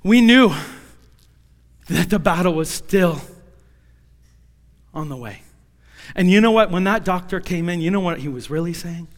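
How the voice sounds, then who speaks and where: A young man preaching a personal testimony as a sermon, moving from hushed storytelling to shouted, pleading prayer. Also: sits high, a little slow, pauses often, big-room sound.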